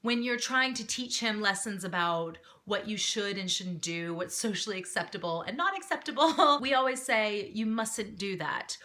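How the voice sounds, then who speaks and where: A woman's voice: medium pitch, normal speed, hardly any pauses. A woman, chatting casually to camera as an expat mom vlogger. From North Carolina, United States. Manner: chatty, lively, self-deprecating with fillers.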